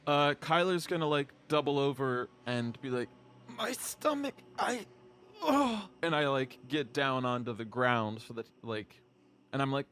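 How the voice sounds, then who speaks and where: A man's voice: fairly even intonation, normal speed, a bit bright. A young adult man playing a tabletop role-playing game, who talks playfully and theatrically.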